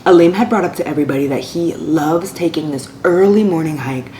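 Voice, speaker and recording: Her voice is low, brisk and dark as she animatedly summarizes a romance novel's plot as a book vlogger, at times nearly whispering. The recording has an echoey room and faint background noise.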